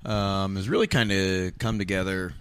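A man's voice: deep voice, steady tone, normal speed, a bit bright, a little hiss or hum. A man co-hosting a podcast, talking loosely in casual chat with many fillers. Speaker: podcast co-host.

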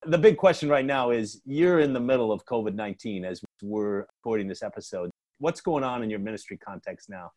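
A man's voice: fairly low pitch, animated, brisk, darkish tone. A man hosting a preaching podcast, enthusiastic and chatty while interviewing a guest. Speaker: podcast host.

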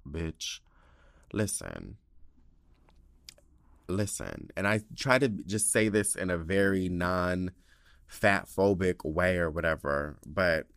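A man hosting a casual solo podcast, telling stories in a sassy, profane way, with big jumps in pitch and loudness. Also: a little slow, clear, resonant tone, no echo, clean studio sound. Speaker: podcast host. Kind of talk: casual monologue.

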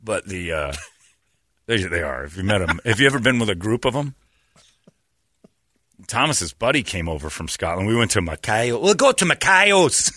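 A man hosting a casual comedy chat, sarcastic and animated, now and then slipping into put-on voices. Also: sits low, normal speed, pauses often, no echo, studio quality.

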